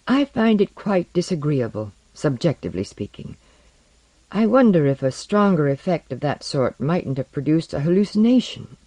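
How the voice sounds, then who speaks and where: Man playing a polite formal expedition leader, precise wording, measured, lively pitch. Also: dry recording.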